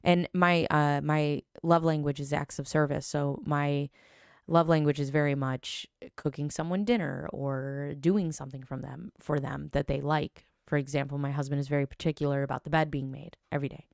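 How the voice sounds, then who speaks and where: Woman in her thirties, podcast host, low voice, dry close sound, chatty storytelling. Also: moderate pace, gravelly, clear, resonant tone, no echo. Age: 30s. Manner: chatty and animated, with many fillers and self-corrections. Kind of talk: casual storytelling.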